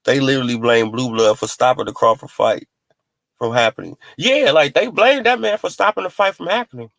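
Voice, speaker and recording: A man giving casual, animated boxing commentary in heavy slang, mocking and joking as he goes. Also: medium pitch, fairly quick, gravelly, no room sound. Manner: animated, mocking, heavy on "you feel what I'm saying".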